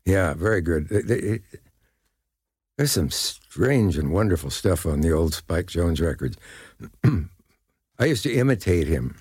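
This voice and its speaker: An older man from Nebraska, a podcast guest telling anecdotes and pausing to recall names. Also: low voice, big pitch swings, a little mellow, slightly rough, dry recording. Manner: reflective, searching for names. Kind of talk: casual chat, anecdotes.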